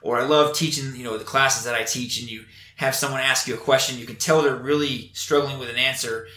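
Quick bright-voiced guy telling earnest stories, lots of restarts, echoey room. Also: medium pitch, fairly even intonation. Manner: earnest, storytelling, many restarts. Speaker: Air Force instructor. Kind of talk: casual conversation.

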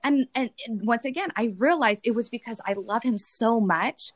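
A woman's voice: a little high, moderate pace. A woman talking candidly and emotionally in a casual chat, rambling with many restarts.

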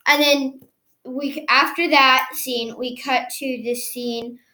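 High bright girl chatting about a movie, giggly, echoey room. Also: slow. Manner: giggly, excitable, acts out quotes in silly voices. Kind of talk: casual movie recap chat.

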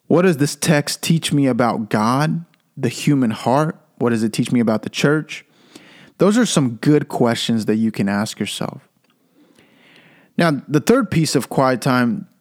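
A man hosting a Christian podcast, giving an earnest devotional teaching and repeating key phrases for emphasis, with occasional stammered restarts. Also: mid-range voice.

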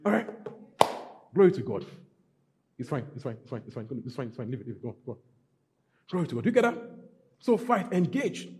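A man preaching a sermon, his pitch swinging widely as he presses each point. His voice is warm and mellow. He repeats his phrases and climbs to loud exhortations. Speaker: pastor.

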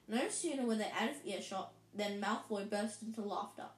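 A woman reading a children's story aloud in a lively way, with frequent slips and restarts. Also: mid-range voice, normal speed. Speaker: reader. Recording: roomy echo.

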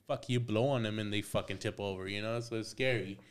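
A man's voice: fairly low pitch, fairly even intonation, brisk, a little hiss or hum. A man who works as a tattoo artist, telling stories as a podcast guest in a casual, profane, slangy way, dropping in Spanish phrases and acting out both sides of old conversations.

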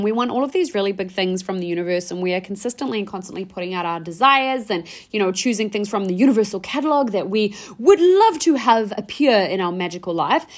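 Hyped young woman podcaster. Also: mid-range voice. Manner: hyped, slangy, swears casually. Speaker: podcast host and mindset coach. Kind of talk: energetic podcast monologue.

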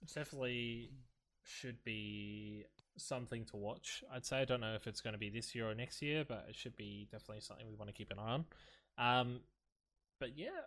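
A man hosting a casual esports podcast, rambling with lots of fillers. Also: medium pitch. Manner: relaxed, rambling with many fillers. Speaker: podcast host.

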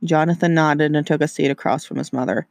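A man casually reading a story aloud, narrating in an informal, relaxed way. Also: on the high side, a little fast, creaky, no echo, clean studio sound. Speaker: reader.

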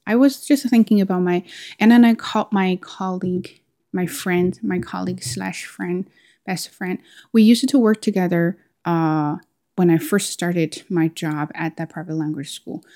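A young woman hosts a podcast, casually recounting a personal story. Her voice sits a little low and sounds soft and mellow. She often breaks off and restarts her phrases as she talks. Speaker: podcast host.

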